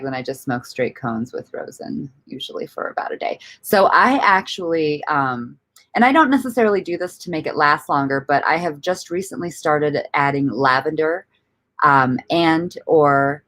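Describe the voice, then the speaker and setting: Low-pitched woman, lively intonation, rambling livestream host, laughs and swears a lot. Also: moderate pace. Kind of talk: casual livestream chat reading comments.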